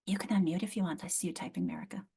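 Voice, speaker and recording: On a video call mic, a middle-aged literacy instructor races through a live teacher workshop, very animated. Her voice sits on the low side, dark and slightly rough, and she hammers home key words by repeating them.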